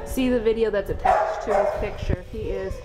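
A woman's voice: mid-range voice, steady tone, moderate pace, over loud music, rough recording. A woman volunteering at an animal shelter, filming the dogs and talking to them in cooing baby-talk. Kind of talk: casual vlog, talking to dogs. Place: indoor animal shelter kennels.

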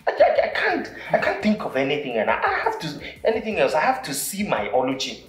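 A man's voice: fairly high pitch, wildly swooping pitch, fast talker, fairly bright tone. An actor playing a desperate, lovesick young man in a film drama, stammering and pleading with a Nigerian accent. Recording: echoey room, faint music.

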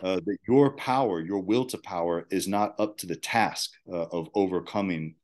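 Low-voiced man, halting guest. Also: darkish tone. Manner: halting, many restarts and filler "uh"s. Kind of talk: casual discussion.

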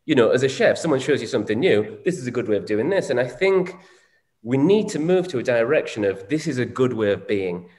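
A man's voice: mid-range voice, big pitch swings, a little fast, darkish tone. A man, co-hosting a candid conversation, reflective and swearing casually. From Northern England. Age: 40s. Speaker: co-host. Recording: echoey room with long reverb.

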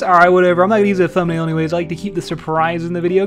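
A young man giving live gameplay commentary, excitable and trash-talking, swinging between low mutters and loud shouts. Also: racing, hardly any pauses, faint music behind. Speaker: streamer playing an online game.

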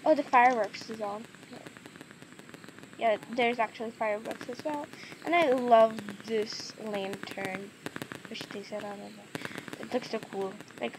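Giggly high-voiced woman vlogger. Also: fairly even intonation, measured pace, long pauses, noisy background. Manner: giggly, chatty, easily amused. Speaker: gaming and eating vlogger. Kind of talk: casual vlog chat.

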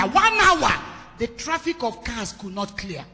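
A woman pastor delivers a testimony-style sermon in a bright, forceful voice. She tells her story with emphatic rises and quiet drops. Her words ring out with the long reverb of a large hall. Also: on the high side, sing-song, a little slow. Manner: emphatic storytelling with shifting loudness. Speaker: pastor hosting a women's conference.

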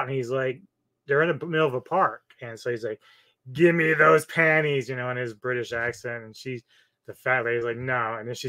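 A man's voice: medium pitch, bright, forceful tone, dry recording. A man casually retelling a film's plot as a co-host, loose and chatty, acting out lines from the film. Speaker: movie reviewer, co-host.

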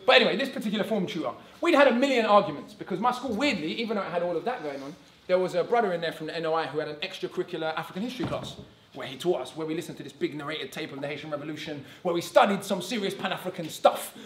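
Fast, bright man in a hall. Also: a little high, slight background noise. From England. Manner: animated and conversational, tags lines with "right?". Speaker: conference speaker. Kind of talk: public talk. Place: conference hall. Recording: echoey hall.

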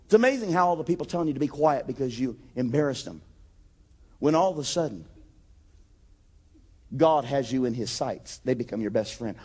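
A man preaching a sermon with rising passion, acting out Bible scenes and building to shouted declarations. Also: medium pitch, lively intonation, brisk, pauses often, breathy edge. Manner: acts out Bible scenes in quoted voices.

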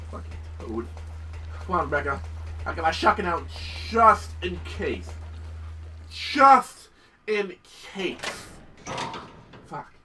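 A man's voice: a little high, far from the mic, background noise. A young man giving casual gameplay commentary, swearing and yelping when startled. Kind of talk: casual let's-play commentary.

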